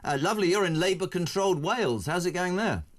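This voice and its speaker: A man hosting a live breakfast radio phone-in, brisk and chatty, with quick joking asides. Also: high-pitched, expressive.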